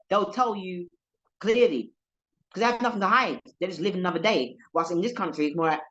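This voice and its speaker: Animated London woman comedian. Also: fairly quick, highs cut off. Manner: animated storyteller, voices quoted people, lively pitch jumps. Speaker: comedian guest. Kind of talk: casual podcast interview.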